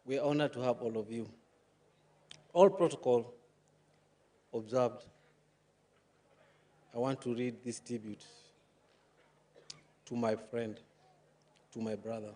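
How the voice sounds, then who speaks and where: A man's voice: medium pitch, slow pace, pauses often, warm tone. Man reading a formal funeral tribute. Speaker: friend of the deceased reading a tribute.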